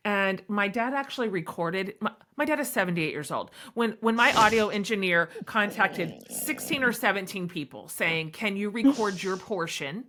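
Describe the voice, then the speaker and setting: A woman's voice: mid-range voice, animated, normal speed, few pauses, fairly bright tone. A middle-aged woman talking as an author in a candid podcast interview, earnest and emphatic as she tells her story.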